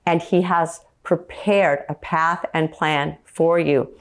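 A woman preaching a slow, earnest teaching sermon and quoting scripture. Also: sits low, fairly even intonation.

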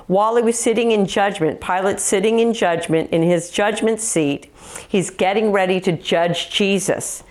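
A woman's voice: medium pitch, normal speed, a little mellow. A woman minister from the United States giving an earnest teaching sermon on dreams, mixing scripture with personal testimony. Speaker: Christian TV minister.

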